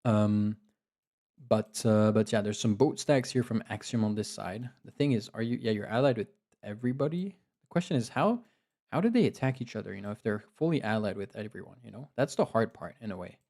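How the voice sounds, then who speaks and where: Excitable man commentating a live game. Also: on the low side, fairly quick. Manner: excitable, laughing, cheering players on. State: tired. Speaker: game commentator and league host.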